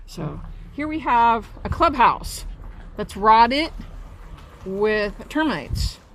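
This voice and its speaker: A woman's voice: a little high, big pitch swings, drawn-out words, fairly bright tone. A woman walking outdoors through her residential park, filming on her phone and pointing out problems in an indignant, accusing way. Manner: indignant, accusing, points things out as she walks. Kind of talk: walking tour vlog with complaints. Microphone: phone camera held while walking.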